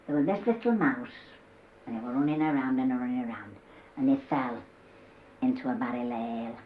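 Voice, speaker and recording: An older woman with a Yorkshire accent telling humorous dialect stories, acting out the characters' voices with lively shifts. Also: extremely low pitch, fairly quick, slight background noise. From Yorkshire, England. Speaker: dialect storyteller. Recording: roomy, dull old cassette tape.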